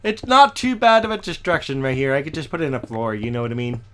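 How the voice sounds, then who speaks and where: A man, slightly hoarse and recovering from a cough, chatting casually through his gameplay in a rambling way with lots of "okay?" tag questions. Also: medium pitch, animated, fast talker, fairly bright tone, slight background noise. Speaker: Minecraft let's player.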